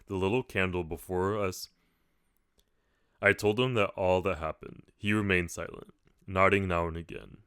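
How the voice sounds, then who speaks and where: A man reading a novel aloud in plain, steady first-person narration. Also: low voice, moderate pace, clear, resonant tone, no echo, studio quality. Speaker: audiobook reader.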